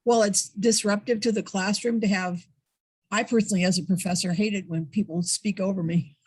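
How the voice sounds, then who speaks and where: A woman's voice: medium pitch, steady tone, a little fast, a little mellow, slightly rough. A woman who works as a professor, asking questions and giving suggestions in a webinar over a video call, in a direct, explanatory way. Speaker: professor and audience member.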